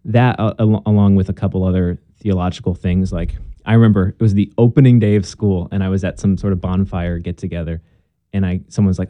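A man's voice: lowish voice, fairly even intonation, a little fast, warm tone, no room sound. A young man telling his conversion story in a casual interview, earnest and chatty with plenty of fillers and restarts.

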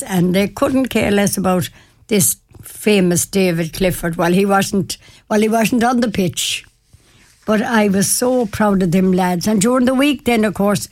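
A woman's voice: mid-range voice, no room sound, clean studio sound. Chatty older Irish woman from Mayo. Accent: Irish, County Mayo. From Ireland. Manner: chatty, warm-hearted, repeats herself, laughs often. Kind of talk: casual storytelling.

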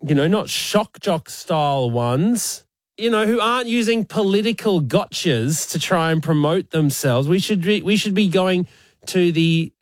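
Australian male co-host, higher voice that swings a lot, laughs easily, dry close sound. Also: no echo. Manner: lively, laughing, quick asides. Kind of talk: casual chat.

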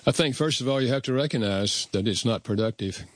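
An older man, a guest author, telling personal stories in an earnest, measured way and acting out remembered conversations. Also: medium pitch, no room sound, studio quality. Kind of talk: reflective storytelling in conversation.

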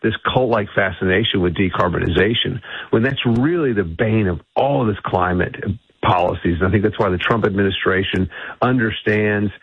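A man speaking as a guest in a radio interview by phone, assertive and quick, often restarting his sentences. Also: lowish voice, husky, dry recording. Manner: assertive, talks fast with frequent restarts. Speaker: guest, energy think tank executive. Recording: tinny dry phone line.

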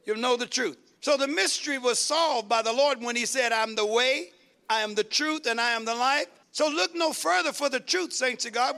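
High, bright-voiced man preaching a sermon. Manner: call-and-response preaching, rising to shouts. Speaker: pastor.

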